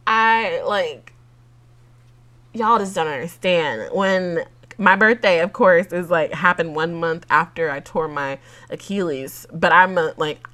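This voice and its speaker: Woman podcast host, slow relaxed pace, gets teary, laughs a lot, says y'all. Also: on the low side. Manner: chatty and openly emotional, fighting back tears; laughs between thoughts, talks to listeners as "y'all". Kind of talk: casual solo podcast chat.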